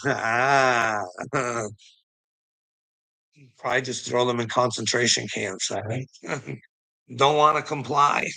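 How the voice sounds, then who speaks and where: A man's voice: mid-range voice, extremely slow, creaky, pauses often, pushed and bright, poor audio. A man hosting a rambling live stream, preaching and teasing a viewer directly, laughing often between lines. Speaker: livestream host.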